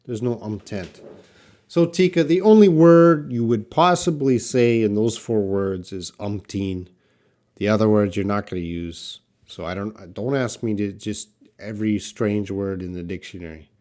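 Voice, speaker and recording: A man teaching English pronunciation on a live stream, repeating each word slowly and answering viewers' questions from the chat. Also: fairly low pitch, a little mellow. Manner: slow, repeats words for learners, answers chat.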